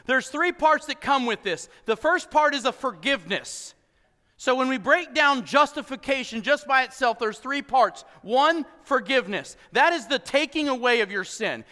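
A male pastor preaching a sermon, swinging from shouted emphasis to quiet low asides and joking with the congregation. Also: long reverb tail. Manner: emphatic preaching, bursts into shouts then drops low and soft. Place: church hall with congregation.

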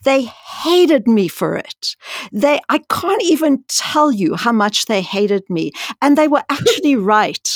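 A woman's voice: fairly high pitch, very animated, takes it slowly, no echo, studio quality. A woman scientist speaking frankly and emphatically in a conversational interview. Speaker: senior scientist.

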